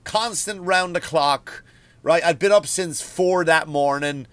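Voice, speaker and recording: An Irish man, a comedian and podcast host, telling a story as a profane, animated comedic rant from home. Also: on the high side, slow pace, dry recording. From Ireland.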